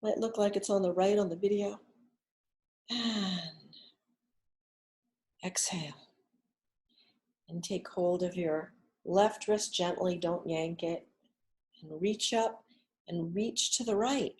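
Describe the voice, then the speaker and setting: A middle-aged woman leading a gentle guided relaxation lesson, speaking softly and soothingly, with whispered exhales between instructions. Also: medium pitch, takes it slowly. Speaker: wellness instructor.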